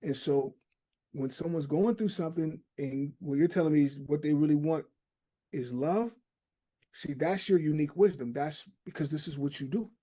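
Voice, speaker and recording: A man's voice: a little high, moderate pace, dark tone. A man hosting a podcast conversation, talking in a reflective, storytelling way with homely analogies. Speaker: podcast host. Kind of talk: casual conversation.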